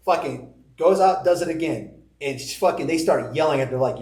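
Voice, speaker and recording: A man's voice: on the high side, fairly quick, a little mellow. A man telling profane, laughing stories as a podcast guest in casual chat. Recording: roomy echo.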